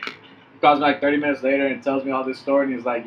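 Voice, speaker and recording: A man's voice: medium pitch, little pitch movement, fast. A man chatting casually, chiming in with laughs and retelling stories from work. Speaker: podcast co-host. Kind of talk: casual chat. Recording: dull lo-fi sound with faint hiss.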